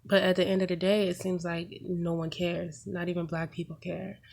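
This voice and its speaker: A young woman vlogs straight to her viewers in a heated, insistent way, hammering her points home with repetition. Her voice sits a little low for a woman. She leans hard on rhetorical questions. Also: level tone, normal speed, gravelly, darkish tone. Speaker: vlogger. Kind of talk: impassioned opinion vlog.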